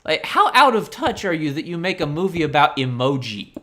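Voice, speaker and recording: A man hosting a game video, ranting in an animated, incredulous way. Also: on the high side, a little fast. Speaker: gaming channel host. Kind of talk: casual let's-play rant.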